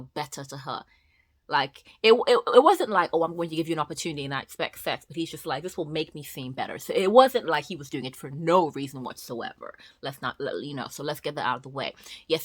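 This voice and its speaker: A woman chatting casually through a book review, animated and talkative, acting out the characters as she retells the plot. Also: lowish voice, no room sound. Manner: animated, chatty, quick asides and voiced retellings.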